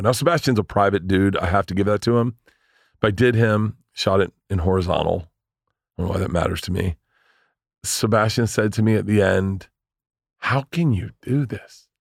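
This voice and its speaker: A man in his forties, a comedian, telling stories in a casual interview, animated and swearing, acting out the voices of people he quotes. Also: lowish voice, vocal fry, no echo, clean studio sound. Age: 40s. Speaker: comedian guest.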